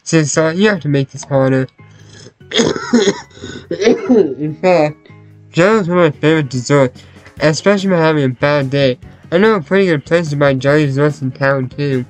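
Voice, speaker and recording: A man voicing a kind, easygoing young classmate with a gentle, soothing manner. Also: a little high, moderate pace, pauses often, soft background music, natural voice, rough recording. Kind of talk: visual novel voice acting.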